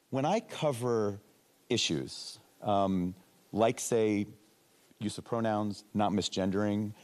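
A male journalist speaking on a panel, halting and restarting often as he tells a story. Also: lowish voice, a little mellow. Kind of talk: panel discussion. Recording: long hall reverb.

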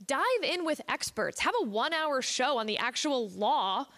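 A woman's voice: sits high, very animated, moderate pace, fairly bright tone. A woman on a panel making her argument emphatically and with strong opinions. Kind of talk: panel discussion.

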